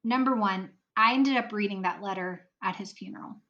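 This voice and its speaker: Podcast guest, woman, earnest storyteller, mid pitch. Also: moderate pace, pushed and bright, lo-fi sound. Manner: earnest, acts out quoted voices in her story. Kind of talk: emotional personal storytelling.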